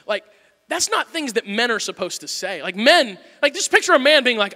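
A man preaching a sermon in a church, candid and self-deprecating, moving between hushed talk and shouting. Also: extremely high pitch, sing-song, moderate pace, in a large hall. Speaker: pastor.

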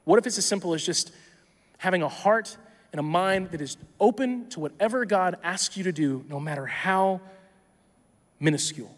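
A tired male pastor preaching a sermon in a conversational, animated way, often acting out imagined dialogues. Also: high voice, moderate pace, long reverb tail. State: tired from little sleep.

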